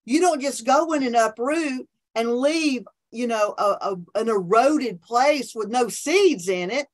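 Enthusiastic woman preaching. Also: on the high side. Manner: enthusiastic, preachy, quick restarts. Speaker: podcast guest, minister. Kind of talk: animated faith conversation. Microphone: remote call from her office.

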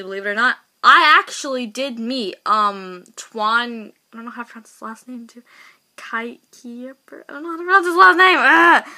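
Bright, excitable woman rambling a storytime. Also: a little high. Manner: rambling, excitable, many restarts and repeats. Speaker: vlogger. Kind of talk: storytime vlog.

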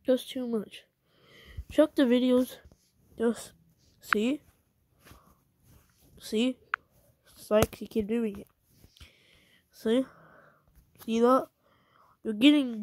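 Speaking to the camera, a young woman angrily rants at another video maker, scolding her and repeating herself. Her voice is fairly high with a darkish tone and no room sound.

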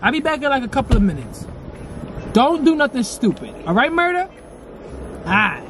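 Here is a young man cracking jokes from inside a car, his voice rising and falling with lively swings. He stammers and repeats himself as he eggs on the others, and loud traffic and engine noise sit behind him. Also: very high-pitched, moderate pace. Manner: teasing, repeats words, stammers. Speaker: prank video host. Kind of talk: joking street prank banter. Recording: noisy car recording.

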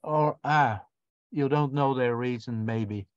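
Man student, slow musing speech, playful, dry muffled call audio. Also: medium pitch, clean tone, no echo. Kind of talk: online language class. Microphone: video call.

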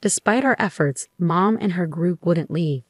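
A woman reading a first-person story aloud as narrator in a steady, even way. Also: fairly low pitch, measured pace, no room sound, clean studio sound.

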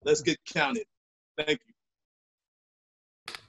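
A man from a community organization reads a prepared statement in a firm, deliberate way over a video call. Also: a little high, sing-song, a bit bright, a little hiss or hum, low-quality recording. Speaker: community organization staff speaker.

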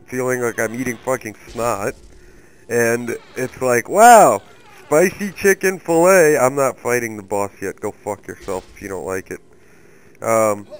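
A man's voice: medium pitch, low-quality recording. A young man hosting a let's play, giving angry, profane, rambling commentary while he plays. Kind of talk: profane gaming commentary rant.

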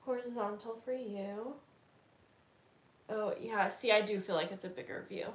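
Woman, craft live host, mid pitch, loose rambly chat, faint noise. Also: fairly even intonation, unhurried. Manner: chatty, rambling, many fillers and self-corrections. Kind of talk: casual livestream chat while crafting. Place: indoors at her craft table.

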